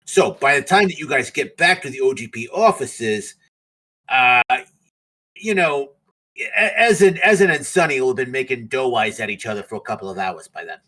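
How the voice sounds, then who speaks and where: Guy game master, husky but bright tone, easygoing rambly chat wrapping up the session. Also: medium pitch, lively intonation, moderate pace, low-quality recording. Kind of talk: casual chat closing a tabletop game stream.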